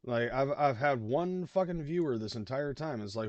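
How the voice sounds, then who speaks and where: A man's voice: mid-range voice, lively intonation, normal speed, a little mellow, dry recording, highs cut off. A man hosting a livestream, rambling in casual reaction commentary, with lots of swearing and fillers. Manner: rambling, profane, many fillers. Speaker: livestream host.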